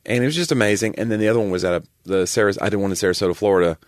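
A middle-aged man chatting casually as a podcast co-host, telling stories with quick asides. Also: lowish voice, no echo, studio quality. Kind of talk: casual chat.

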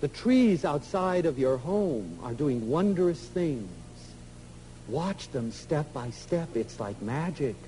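A man tells stories to a live audience in a high, lively voice that leaps up and drops to near whispers. The archival recording carries a faint hum behind him. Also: slow, low-quality recording. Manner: emotional, storytelling, swings from loud to soft. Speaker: lecturer. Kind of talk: inspirational lecture to an audience.

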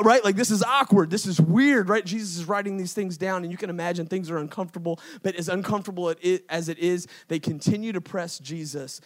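A man preaching on stage, his voice sitting a little higher than most men's. He tells the story with lively, playful impressions and talks to the crowd in easy slang, calling them y'all. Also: quick pace. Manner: casual slangy delivery, addresses the crowd as y'all. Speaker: pastor. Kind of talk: sermon. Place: event stage before a live audience.

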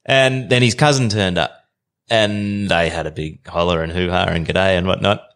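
Deep-voiced laid-back Australian man. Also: steady tone, normal speed, fairly bright tone, clear, resonant tone. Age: 30s. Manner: easygoing, rambling yarn-spinner. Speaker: podcast guest. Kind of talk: casual storytelling.

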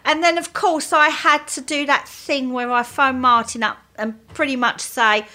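A woman co-hosting a casual chat, teasing her friend with quick quips and laughter. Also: high-pitched, lively intonation, sharp tone. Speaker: podcast co-host.

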